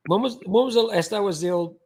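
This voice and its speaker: A man's voice: high-pitched, fast, a little mellow, husky. A man hosting a livestream, chatting casually in a rambling way with frequent restarts. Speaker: livestream host.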